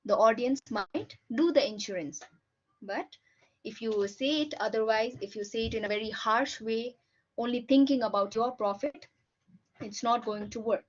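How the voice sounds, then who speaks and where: Higher-voiced woman teacher. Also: normal speed. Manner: patient, ends points with "right?". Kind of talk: explanatory lecture. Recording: dull lo-fi recording.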